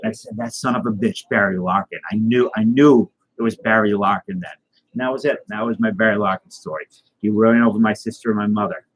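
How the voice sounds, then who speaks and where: A man hosting a casual live stream, rambling through a deadpan tall tale and chatting with viewers. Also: fairly low pitch, fast talker, poor audio. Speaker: host.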